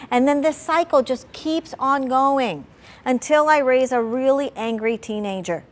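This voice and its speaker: A woman therapist speaks frankly about raising her son, her voice sitting a little high. She talks in an animated way, peppering her speech with "like" and playing up her old temper. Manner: animated, fillers of "like", dramatizes her own anger. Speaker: family therapist. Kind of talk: candid talk on parenting.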